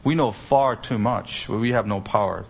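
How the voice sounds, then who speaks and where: A man's voice: fairly low pitch, moderate pace, creaky, slightly rough. A man preaching an expository sermon, stressing key words with sudden lifts and asking rhetorical questions. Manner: explains Greek grammar with rhetorical questions. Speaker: pastor.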